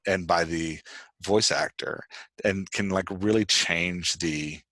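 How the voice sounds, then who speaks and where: A man with a very low voice hosts a relaxed interview. He rambles loosely, leaning on fillers, and the sound is dry and close with no room echo. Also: takes it slowly. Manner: loose and rambling, heavy with fillers like "like" and "you know". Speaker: podcast host. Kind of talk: casual interview chat.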